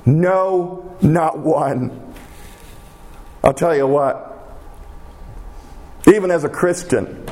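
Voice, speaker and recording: Man preaching, slightly high voice, slow deliberate pace, emphatic repeated phrases, sermon delivery. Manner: emphatic, repeats phrases for weight, slows to a hush on prayers.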